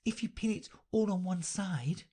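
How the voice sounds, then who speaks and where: A woman's voice: fairly low pitch, moderate pace, warm tone, husky, voice pushed up. A woman reading an audiobook, voicing a polite, curious young girl who speaks timidly and earnestly.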